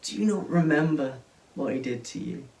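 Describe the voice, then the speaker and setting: Preacher putting on an angry, hardworking older son, half-whispered complaints, with a distant mic. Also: male voice, fairly high pitch, expressive, moderate pace, gravelly, darkish tone, a little hiss or hum. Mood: bitter. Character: resentful, furious older brother, hardworking young man. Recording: roomy sound, mic at a distance.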